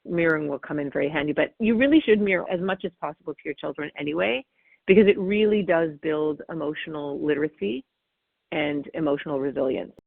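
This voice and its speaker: A woman parenting expert answering interview questions, animated and acting out what parents and children say. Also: low voice, fast, creaky, no room sound. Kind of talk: interview answers, explaining technique. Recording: phone-like dry call audio.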